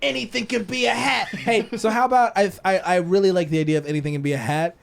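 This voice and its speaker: A man co-hosting a podcast, playful and quick to laugh in casual chat. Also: sits high, steady tone, gravelly. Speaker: podcast co-host.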